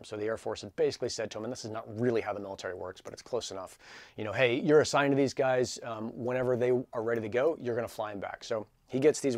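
A man in his forties telling a story in a casual, energetic, chatty way, full of fillers like "like" and "dude". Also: medium pitch, no room sound. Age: 40s. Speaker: channel host.

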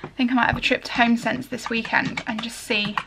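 A woman's voice: on the high side, little pitch movement, a little fast, creaky, heavy background noise. A young woman vlogging casually from her bedroom, rambling and chatty with lots of fillers, filmed on a handheld vlog camera. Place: bedroom at home.

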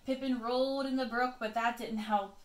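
A woman teacher reading a picture book aloud to children, expressive, with chatty asides to her pupils. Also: fairly high pitch, moderate pace, echoey room.

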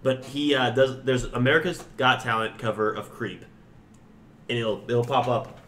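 A young man co-hosting a podcast while high, his talk loose, profane and meandering. He often trails off mid-thought. A faint hiss sits under the recording. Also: fairly even intonation, moderate pace, a bit bright. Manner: rambling, profane, laid-back, trails off. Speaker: podcast co-host. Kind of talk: casual stoned chat.

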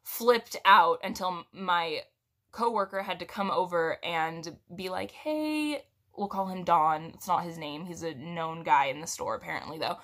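A woman's voice: on the low side, fairly even intonation, moderate pace, bright, forceful tone. A young woman telling a casual story to her viewers, chatty and rambling, with giggles and restarts. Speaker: storytime vlogger.

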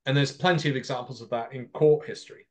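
A man's voice: medium pitch, fast talker. A man, a podcast host telling a long story in a casual political discussion. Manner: animated storytelling, long run-on turns.

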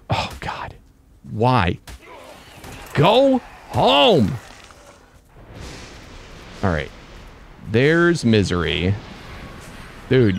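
A young man giving excitable let's-play commentary, yelping and groaning at mishaps while playing a game. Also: medium pitch, a little hiss or hum. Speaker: gaming YouTuber.

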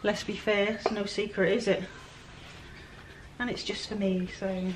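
Welsh woman, casual DIY vlogger, chatty and self-mocking, mid-range voice, clear noise behind her. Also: mid-range voice, little pitch movement, unhurried. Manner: chatty, self-deprecating, talks to viewers while working. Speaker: furniture flipper. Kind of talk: casual DIY vlog narration. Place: outdoor work area with flies.

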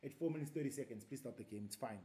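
A young South African man hosting a game tournament on a live stream, casual and full of hype and shout-outs. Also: mid-range voice, racing. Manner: hyping, giving shout-outs to players. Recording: roomy echo, faint background hum.

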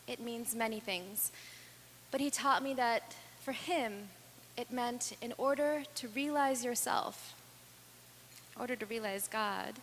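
A woman's voice: a little high, fairly bright tone. Earnest woman telling stories in a hall. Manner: earnest, dramatic pauses and rising intensity. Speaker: speaker. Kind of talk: personal storytelling speech. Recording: reverberant hall with faint hum.

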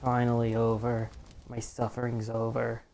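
A man's voice: mid-range voice, monotone, normal speed, gravelly. A man doing live commentary over a video game, chatty, swearing a lot and breaking into frustrated outbursts. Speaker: let's play gamer. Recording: gameplay audio with loud game noise.

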